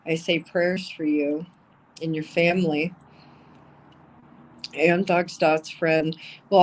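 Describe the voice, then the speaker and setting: Brief: unhurried woman streamer, lowish voice, blunt and profane. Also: poor audio. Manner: blunt, swears often, emotional asides. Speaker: livestream commentator. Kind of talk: casual live-stream commentary.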